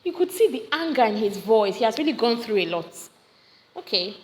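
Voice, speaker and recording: A woman with a Nigerian accent explaining a poem to students in a casual, lively way, often asking them questions. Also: on the high side, a little fast. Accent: Nigerian English. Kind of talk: casual recorded lesson. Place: home with generators running nearby. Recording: audio recording, reverberant, faint generator noise.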